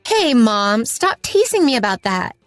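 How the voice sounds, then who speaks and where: A woman's voice: on the high side, sing-song, measured pace, no room sound, faint music behind. A woman reading the lines of a cheerful, teasing younger sister in her late twenties.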